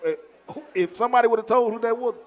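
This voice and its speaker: High-voiced man telling loud locker-room stories. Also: very fast. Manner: animated storyteller, laughs often, acts out a coach's outbursts. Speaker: former football player guest. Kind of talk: storytelling in casual chat.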